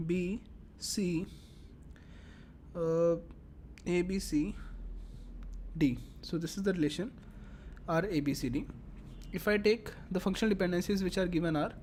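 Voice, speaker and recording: A woman's voice: fairly low pitch, a little mellow, slight background noise. A woman teaching a lecture, explaining step by step and repeating her phrases as she works through examples. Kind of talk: classroom lecture.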